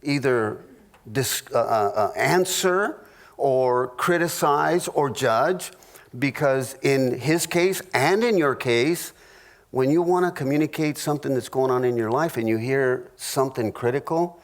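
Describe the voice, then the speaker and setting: A middle-aged pastor teaches a marriage class in a humorous sermon, telling stories with halting restarts and jokey asides. His voice is medium in pitch.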